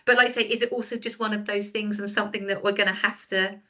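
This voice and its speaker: A woman's voice: medium pitch, steady tone, fast talker, bright, forceful tone. A woman co-hosting a podcast, talking things through in a thoughtful, hedging way. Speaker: podcast co-host, early years trainer. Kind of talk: casual podcast discussion.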